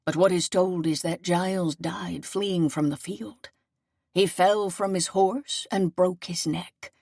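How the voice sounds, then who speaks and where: A woman voicing an aging, wounded male seneschal who speaks slowly and solemnly in a gentle, fatherly way. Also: lowish voice, steady tone, vocal fry, dry recording, clean studio sound, heavily acted. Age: older.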